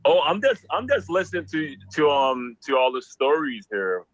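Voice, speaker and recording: A man calling in, telling a story in an animated, exclamatory, slangy way. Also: a little high, normal speed, no room sound, low-quality recording. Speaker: caller.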